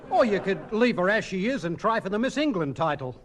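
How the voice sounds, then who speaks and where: An actor playing a teasing, easygoing friend, in a hissy 1950s radio recording. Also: male voice, high-pitched, big pitch swings, fairly quick. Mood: wry, teasing. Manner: joking, teasing. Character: wisecracking easygoing male friend and sidekick.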